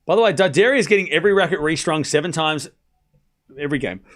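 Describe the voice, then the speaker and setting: A man with a fairly high, fairly bright voice speaks fast while casually commentating a live tennis match on a stream. He gives watchalong play-by-play, joking and chatting with viewers.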